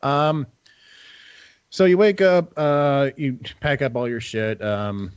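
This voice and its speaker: A man's voice: medium pitch, slow, smooth. A young man narrating a tabletop game as game master, rambling casually with lots of fillers and restarts. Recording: dull dry lo-fi audio.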